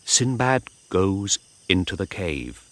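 A man narrating a storybook slowly and clearly, paced for learners. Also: deep voice, sing-song, no room sound. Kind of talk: storybook reading.

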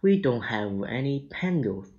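A man's voice: mid-range voice, big pitch swings, unhurried, darkish tone. A man reading aloud, voicing a cautious, worried young boy in a slightly raised, anxious voice, on a dull lo-fi recording. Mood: alarmed. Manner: anxious careful exclaiming.

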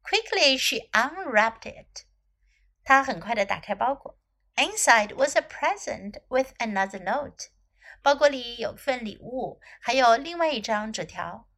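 A woman English teacher reading a children's story aloud in two languages, with slow, clear teaching delivery and repetitions. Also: fairly high pitch, sing-song, a bit bright.

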